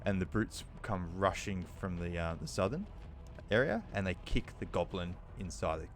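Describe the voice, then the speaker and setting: Deep-voiced man running a tabletop game. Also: animated, moderate pace, faint music behind. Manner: loose, hesitant narration with many fillers. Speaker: dungeon master.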